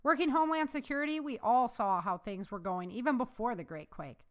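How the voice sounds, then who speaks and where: A woman's voice: on the high side, animated, brisk, voice pushed up, close to an everyday voice. A woman voicing a sarcastic, jesting male ex-Marine in a storybook reading. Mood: wry jesting. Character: wry, sarcastic male ex-Marine security man.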